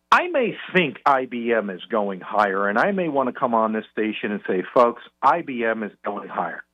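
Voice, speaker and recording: A man calling in to a radio show as a guest financial commentator, explaining in a measured way with frequent restarts. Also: medium pitch. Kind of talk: phone-in radio chat. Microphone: telephone call. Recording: tinny phone line.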